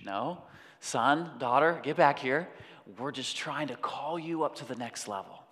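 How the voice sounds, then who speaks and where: A man preaching a sermon in an animated way, breaking off to act out voices. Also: medium pitch, measured pace. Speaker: pastor. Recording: long hall reverb.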